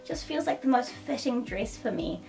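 High-voiced, gushing woman vlogger. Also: moderate pace, vocal fry. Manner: gushing and excitable, with frequent gasps and giggles. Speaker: fashion vlogger. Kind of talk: casual unboxing show-and-tell. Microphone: camera mic a short way off. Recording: slightly distant mic, faint background music.

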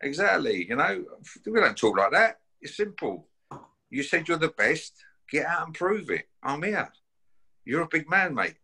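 Blunt, swearing man with a bright edge. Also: a little high, sing-song, a little slow, a little hiss or hum. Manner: blunt and combative, swearing, keeps tagging "yeah?" and "mate". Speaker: bare-knuckle fighter issuing a challenge. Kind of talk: confrontational call-out to camera.

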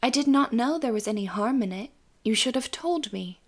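A woman's voice: on the high side, lively intonation, moderate pace. A woman voicing a naive, cheerful young farm wife in a storybook reading, chattering innocently. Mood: defensive.

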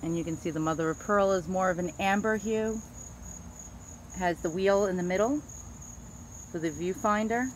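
A woman's voice: lowish voice, moderate pace, long pauses, a little hiss or hum. Chatty woman with a Queens accent. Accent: New York, Queens. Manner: chatty, self-correcting, stumbles over names. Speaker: antique dealer. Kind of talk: casual show-and-tell.

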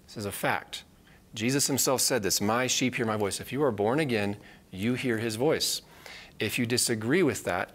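A man teaching a live Bible study, earnest and repeating key phrases for emphasis. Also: mid-range voice.

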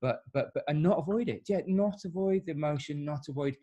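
A man hosting a podcast, earnest and halting, restarting his words often. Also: fairly high pitch, dark tone, dull audio. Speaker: podcast host, former paramedic. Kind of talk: casual conversational interview.

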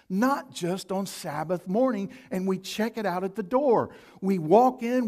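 A male pastor preaching a sermon, with big swings from loud emphasis to hushed asides. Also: high-pitched.

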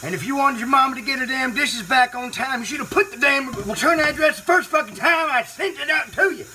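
A man's voice: fairly high pitch, expressive, fairly quick, fairly bright tone, slight background noise. A man playing a touchy country man who washes dishes people mail him, swinging from whiny to threatening and swearing a lot. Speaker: host. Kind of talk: comedy sketch video.

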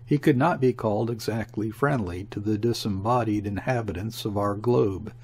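A man narrating a classic story as an audiobook, in a measured, even way. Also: lowish voice.

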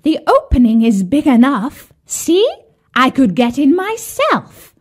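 A woman voicing a cruel, greedy old witch in a storybook, shrill and jeering, snapping out orders. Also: very animated, takes it slowly, exaggerated voice. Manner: shrill, jeering, bossy shouting.

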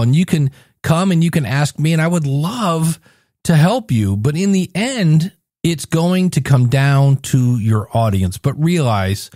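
A man's voice: fairly high pitch, a little mellow, no room sound, clean studio sound. A man hosting his own podcast, chatty and jokey, acting out little scenes as he talks. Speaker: podcast host. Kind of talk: solo podcast talk.

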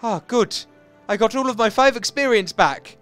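A young man giving excitable, chatty, self-mocking commentary while playing a video game. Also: very high-pitched, moderate pace, clear, resonant tone, soft background music. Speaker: gaming channel host. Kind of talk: Let's Play commentary.

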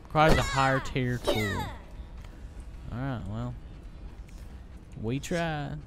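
Unhurried young man reacting to a game. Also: medium pitch, gravelly, very noisy. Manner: jumpy, easily startled, talks to himself. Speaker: gaming YouTuber. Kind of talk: let's play commentary.

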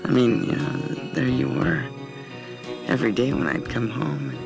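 A stammering, coaxing young husband. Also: male voice, mid-range voice, fairly even intonation, moderate pace, creaky, over music. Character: young male songwriter husband, eager and coaxing. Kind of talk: TV movie acting.

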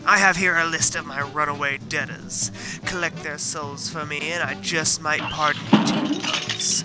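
A man voicing a sinister male devil who owns a casino, with a slow, gloating delivery over game music. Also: a little high, steady tone, close to an everyday voice. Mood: menacing.

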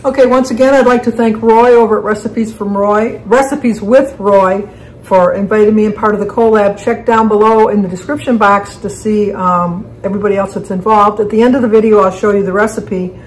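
A woman's voice: mid-range voice, fairly even intonation, brisk, a little hiss or hum, low-quality recording. A woman hosting a casual home cooking video, chatty and correcting herself mid-sentence as she explains each step in her kitchen. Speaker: cooking channel host.

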